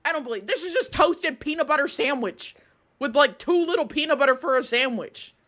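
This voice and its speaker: Woman streamer, bright and high, animated rants. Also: fairly quick. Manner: animated, outraged ranting with laughs. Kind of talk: casual live-stream chat.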